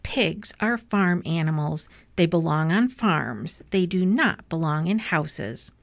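A woman's voice: lowish voice, lively intonation, takes it slowly, vocal fry, dry recording, full character voice. A woman reading aloud and voicing a stern, bossy elderly sister who lectures firmly. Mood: lecturing. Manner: firm, lecturing.

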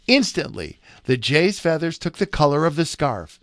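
A man reading a children's tale aloud as narrator, in an expressive, measured way. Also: on the high side, vocal fry, dry recording, clean studio sound. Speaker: storyteller. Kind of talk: scripted narration.

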